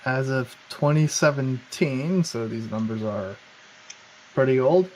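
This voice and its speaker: A man's voice: medium pitch, measured pace, darkish tone, a little hiss or hum, rough recording. A man co-hosting a casual political chat, rambling with sarcastic asides. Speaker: podcast co-host.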